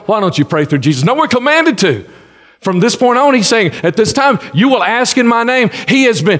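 A man's voice: fairly high pitch, in a large hall. A man preaching a sermon in a folksy, conversational way, often restarting his sentences. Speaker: pastor.

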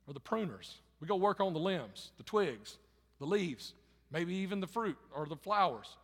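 A pastor preaching a sermon in a conversational way, rising loud for emphasis and dropping quiet and low, repeating phrases. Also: male voice, animated, normal speed. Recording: long hall reverb.

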